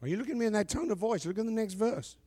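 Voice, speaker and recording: A middle-aged man preaches in a high, ringing voice. He booms out scripture and then pulls back to low, talky asides to the congregation. The sound is close and dry, with no room echo. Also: expressive, very fast, warm tone, breathy edge. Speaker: pastor. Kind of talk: sermon.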